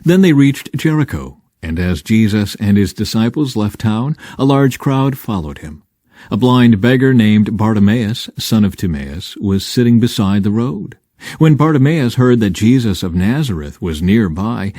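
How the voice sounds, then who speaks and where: Male scripture reader: warm, mellow tone, dry close sound, expressive measured delivery. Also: fairly low pitch, no room sound. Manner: expressive, measured reading with dramatic emphasis. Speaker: Bible reader. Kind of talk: scripture reading.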